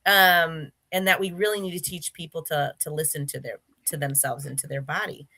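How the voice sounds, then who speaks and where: A woman's voice: low voice, fairly even intonation, brisk, bright, forceful tone. A woman guest in a casual interview, telling stories in a chatty way with many fillers and restarts. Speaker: interview guest, former gymnast.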